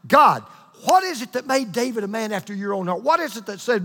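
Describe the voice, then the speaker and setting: A man preaching a sermon to a congregation, with an emphatic, repetitive cadence that slows down for key lines. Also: high voice, lively intonation, a bit bright, big-room sound. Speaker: pastor. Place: church hall with congregation.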